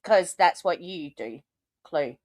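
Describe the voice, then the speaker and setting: A woman's voice: fairly low pitch, expressive, slow, darkish tone, no echo, clean studio sound. A woman hosting a show, commenting sarcastically on clips and swearing often. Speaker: host reacting to clips. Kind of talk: casual commentary over clips.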